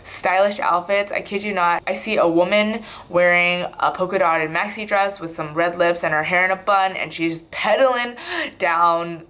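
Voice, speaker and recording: Chatty young woman, lowish voice. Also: steady tone, moderate pace, fairly bright tone. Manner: chatty, rambling, with frequent "um"s and restarts. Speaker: vlogger. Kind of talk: casual video diary.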